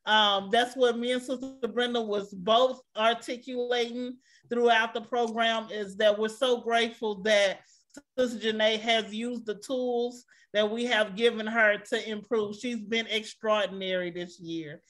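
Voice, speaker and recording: A woman's voice: on the high side, steady tone, measured pace, a bit bright. A woman hosting an online school assembly over a video call, thanking each person by name with frequent religious praise phrases. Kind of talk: warm emotional assembly hosting.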